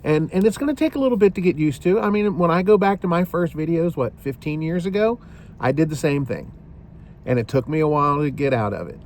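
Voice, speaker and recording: A man's voice: a little high, animated, fairly quick, a little mellow, slight background noise. A man hosting a shaving video, talking casually to the camera in a rambling way, often repeating himself and saying "you know".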